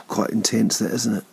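A man's voice: lowish voice, vocal fry, a little mellow, slightly rough. A man in his thirties hosting a podcast, rambling through a jokey, swearing monologue that drifts off topic. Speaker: podcast host.

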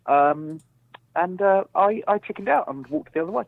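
A man's voice: sits high, expressive, normal speed, gravelly, no room sound. A man calling into a show, telling a story in a hesitant, rambling way. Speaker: caller. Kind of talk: casual call-in chat. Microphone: phone via voice chat call. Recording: tinny dry phone line.

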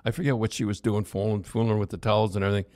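A man's voice: fairly low pitch, fairly even intonation, racing, darkish tone, no echo. Older man, casual reminiscing, rambling false starts, dry. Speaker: former hockey player telling stories.

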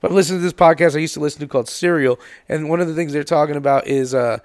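Talking very fast in a slightly high, somewhat mellow voice, this man co-hosts a podcast full of casual banter. He's a profane storyteller who curses freely and performs the quotes of the people he describes.

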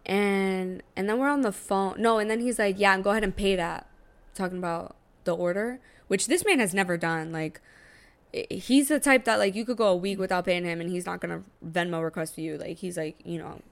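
A woman hosting a podcast, telling a story in a slangy, profane, animated casual way. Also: medium pitch, brisk, gravelly. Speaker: podcast host.

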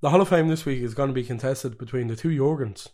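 A man's voice: mid-range voice, fast talker, darkish tone. A man co-hosting a football podcast, chatting casually and joking often. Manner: jokey, laughs often. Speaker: podcast co-host.

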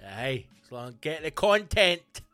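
A young man rants as a podcast host, sweary and sardonic, mocking people by putting on their voices. His voice sits a little high for a man. The sound is dry and close, with faint music underneath. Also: very animated, a little slow, bright, forceful tone, no echo. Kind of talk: profane rant.

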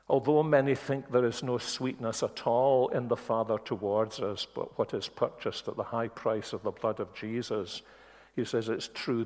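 A man preaching a sermon in a church, speaking earnestly and slowing on key words. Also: mid-range voice, a little mellow. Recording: long reverb of a church hall.

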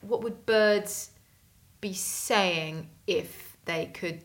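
A woman's voice: mid-range voice, extremely slow, slight background noise. A woman co-hosting a podcast, chatting casually and telling rambling anecdotes. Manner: chatty storyteller, rambling restarts. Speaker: podcast co-host. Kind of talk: casual chat.

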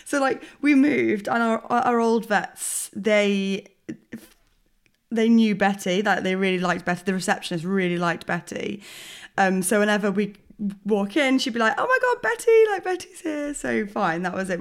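A woman's voice: medium pitch, normal speed, gravelly. A young woman, a podcast co-host, telling an embarrassing story in casual chat with frequent laughter. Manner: giggly, animated storytelling.

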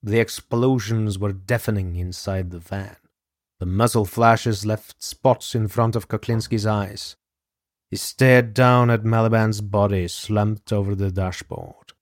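A man's voice: on the low side, steady tone, measured pace, no room sound, studio quality. A man narrating a scripted true-crime story in a dramatic manner, speaking straight to the listener. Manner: addresses the listener directly, dramatic. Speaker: podcast narrator.

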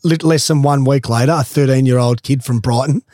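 A man's voice: medium pitch, brisk, dry recording, clean studio sound. Laid-back man telling a story. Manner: animated, swears freely, laughs mid-story. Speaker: guest, former footballer. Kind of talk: casual storytelling.

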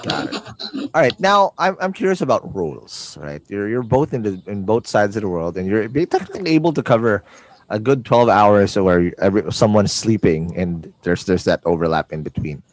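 A Filipino man hosts a podcast in a casual, digressive way, stumbling over repeated words as he builds his questions. His pitch rises and falls with lively swings. The sound is dry and close, with almost no room around it. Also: normal speed, no echo. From Philippines. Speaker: podcast host. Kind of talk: casual interview.

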